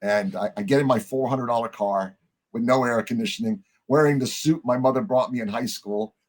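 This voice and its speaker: A man talks at a medium pitch. He tells long stories on a podcast, chatty and animated, and he jumps into quoted voices as he goes. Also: brisk. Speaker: podcast guest. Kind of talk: conversational storytelling.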